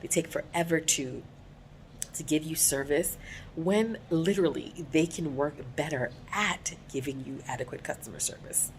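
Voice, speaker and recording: A woman's voice: low-pitched, moderate pace, a little hiss or hum. A woman with an American accent, talking in a casual vlog, voicing emphatic and outspoken complaints. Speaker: vlogger.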